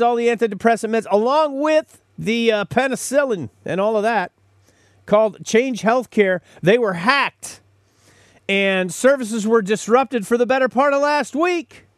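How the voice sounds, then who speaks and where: A man's voice: sits high, no echo, clean studio sound. A man hosting a podcast, delivering a sarcastic, opinionated commentary monologue. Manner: sarcastic, mocking, mimics callers and corporate statements. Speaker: podcast host.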